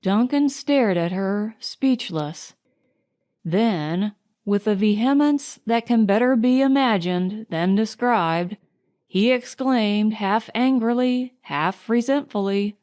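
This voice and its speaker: Slow-reading woman audiobook narrator. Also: mid-range voice, darkish tone. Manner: measured, unhurried reading. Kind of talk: scripted narration.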